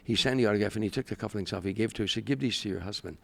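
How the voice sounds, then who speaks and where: This is an older man with a low, gravelly voice, guesting on an interview show. He tells long stories with plenty of life, slipping into the voices of the people he quotes and then easing back into his own easy, confiding tone. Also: rapid-fire. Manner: animated storyteller, acts out quoted voices. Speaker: guest, comedian. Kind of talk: storytelling interview.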